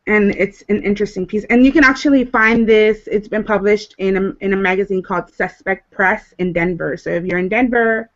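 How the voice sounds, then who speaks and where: A woman's voice: mid-range voice, a little fast, few pauses, highs cut off. Chatty woman poet swapping stories. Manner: chatty storytelling with frank swearing. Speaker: poet guest. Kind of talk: casual chat on a livestream.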